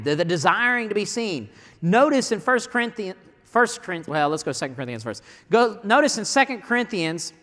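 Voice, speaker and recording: A man's voice: sits high, pushed and bright, in a large hall. A man preaching a sermon, mixing rhetorical questions with scripture reading in a folksy way. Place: church sanctuary.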